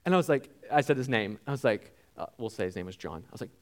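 A man preaching a sermon in a conversational, animated way, with frequent filler words. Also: mid-range voice, fast, few pauses. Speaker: pastor.

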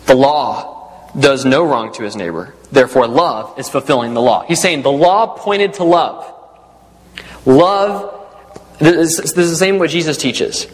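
A man with a somewhat high voice delivers an earnest expository sermon. He reads scripture aloud and repeats key phrases to drive them home. His voice carries a long reverb, as in a large hall. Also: expressive, unhurried. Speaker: preacher.

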